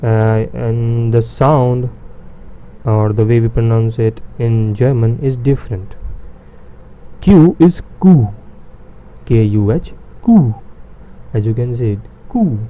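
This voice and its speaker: A male teacher walks beginners through pronunciation, saying each sound two or three times. He talks very slowly with many pauses and fillers. His voice is dark and mellow. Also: medium pitch, fairly even intonation, rough recording. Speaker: language teacher. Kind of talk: beginner language lesson.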